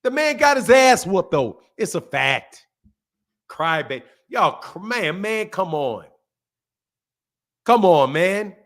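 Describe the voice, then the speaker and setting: A man hosting a boxing channel stream, giving heated, mocking commentary with drawn-out emphasis. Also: sits high, big pitch swings, fairly bright tone.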